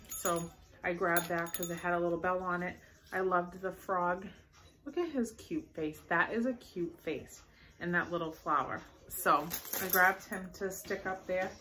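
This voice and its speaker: A woman's voice: lowish voice, a bit bright, a little hiss or hum. A young woman chatting casually through a shopping haul, bubbly and rambling with enthusiasm. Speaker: vlogger showing a shopping haul.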